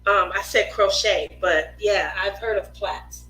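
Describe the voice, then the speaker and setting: Bright-voiced woman, guest on a live chat. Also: medium pitch, measured pace, a little hiss or hum, low-quality recording. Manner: animated, laughing, joking with her son. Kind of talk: casual live-stream chat.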